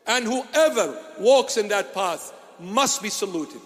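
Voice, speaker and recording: Man, bishop, sermon, high-pitched, emphatic repeated declarations, long reverb. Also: expressive, slow, few pauses, a bit bright.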